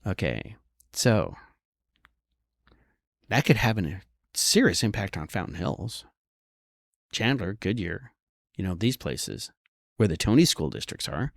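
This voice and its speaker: A man with a fairly low voice talks through the housing market like a seasoned broker. His delivery is sarcastic and chatty, and he keeps asking "all right?" as he goes. The sound is dry and close, with no room echo. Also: sing-song, slow pace, creaky, pauses often. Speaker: real estate broker. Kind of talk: casual market commentary.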